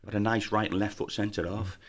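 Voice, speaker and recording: Man, fifties, very deep voice, brisk delivery, animated storyteller, podcast guest. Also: breathy edge. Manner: lively storyteller who acts out voices in his tales. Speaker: former footballer guest. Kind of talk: animated anecdote telling.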